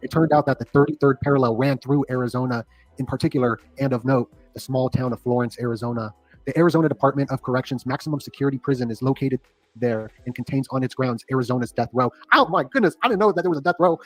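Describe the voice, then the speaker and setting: Male co-host, fast and excitable, halting reader; dry close sound, faint music underneath. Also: medium pitch, dry recording. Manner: excitable, reads aloud haltingly. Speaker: podcast co-host. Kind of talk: casual conspiracy talk livestream.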